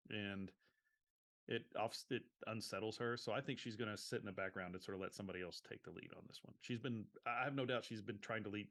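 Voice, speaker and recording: A man's voice: on the low side, a bit bright. A man player in a tabletop game, musing aloud about how his character feels. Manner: thoughtful, musing. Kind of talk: describing his character's feelings.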